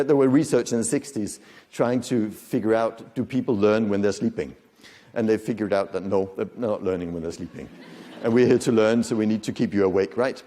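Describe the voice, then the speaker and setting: A man giving a conference lecture to an audience, lively and demonstrative, often asking the room questions. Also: mid-range voice. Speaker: conference speaker. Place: conference hall. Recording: long hall reverb.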